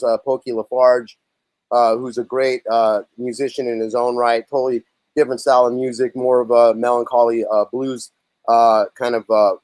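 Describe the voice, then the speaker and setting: A man telling a long story in a relaxed interview, slipping into quick voices for the people he quotes. His voice sits at an ordinary pitch, and the sound is dry and close with no room echo around it. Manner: animated storyteller, acts out others' lines. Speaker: lead singer and songwriter, guest.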